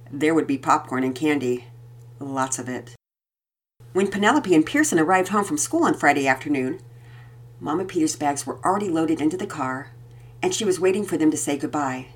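A woman reading a children's story aloud, with gentle, expressive storytelling. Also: fairly low pitch, slightly rough. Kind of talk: storybook read-aloud narration.

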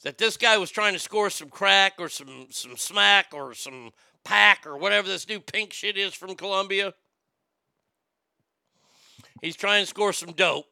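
High bright guy with a gravelly edge, joking his way thru weird news stories. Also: a little slow, no echo. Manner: wisecracking, drifting into mocking bits. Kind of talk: casual comedic news chat.

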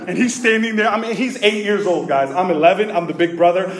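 A man's voice: high-pitched, fairly even intonation, a little fast. A man preaching as pastor, telling funny stories and calling out to the congregation. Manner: playful, jokes and calls out to the congregation. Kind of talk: humorous sermon storytelling. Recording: very echoey hall.

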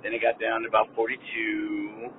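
Relaxed lower-voiced man, rambling casual chat, phone-thin sound with faint hiss. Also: normal speed, phone-quality sound. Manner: easygoing, rambling, chuckles often.

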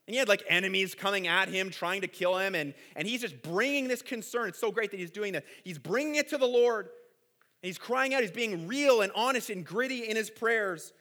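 Earnest, bright-voiced male pastor preaching. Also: sits high, lively intonation, normal speed. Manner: earnest, conversational preaching, repeats words, many asides. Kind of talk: sermon.

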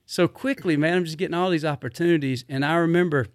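A middle-aged man, telling rambling stories in a casual, animated way, full of fillers. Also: on the high side, fast, no room sound, clean studio sound. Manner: rambling, animated, drawling Southern speech with repeated fillers. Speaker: podcast guest. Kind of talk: casual storytelling.

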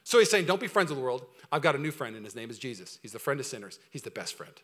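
Fast, bright-voiced male pastor preaching. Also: medium pitch. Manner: animated, exhorting, calls for congregation responses. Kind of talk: sermon. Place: church sanctuary.

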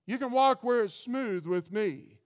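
A man's voice: extremely high pitch, expressive, measured pace, in a large hall. A man preaching a sermon in a folksy, earnest way, often stumbling and repeating words.

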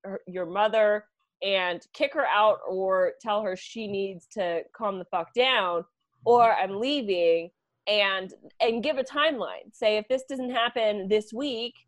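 A woman's voice: mid-range voice, slow, no echo. Woman giving blunt advice, dry mic. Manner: laughs easily, gives blunt advice. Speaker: co-host. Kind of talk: casual comedy podcast advice.

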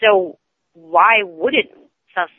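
A man's voice: sits high, drawn-out words, slightly rough, no room sound. A man, a radio show guest calling in, rambling through a story with many restarts. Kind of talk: casual storytelling on a call-in. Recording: tinny phone line.

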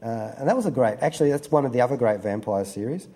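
A man's voice: mid-range voice, lively intonation, quick pace, warm tone. A man giving an amused, rambling review in a casual chat, full of fillers and asides.

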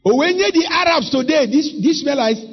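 A man's voice: extremely high pitch, expressive, brisk, muffled recording. A middle-aged Nigerian man preaching a sermon emphatically, switching between English and Igbo.

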